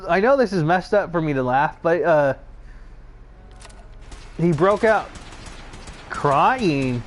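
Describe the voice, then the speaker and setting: A young man with a somewhat high voice tells personal stories in a loose, rambling way. He stumbles, restarts and fills pauses with "like" and "uh". A faint hum of noise sits under the recording. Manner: rambling and hesitant, full of fillers and restarts. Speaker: channel host recounting personal stories. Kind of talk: casual storytelling.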